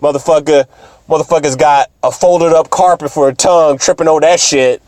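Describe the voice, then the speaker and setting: A young man doing a profane, excitable, rambling comedic recap of an anime. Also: a little high, fairly quick, no room sound, clean studio sound. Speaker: video host.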